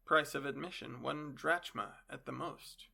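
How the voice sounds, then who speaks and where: A man's voice: mid-range voice, unhurried, vocal fry, sharp tone, husky, full character voice. A man voicing an elderly male philosopher on trial, questioning his accuser with dry irony. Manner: questioning, dryly ironic.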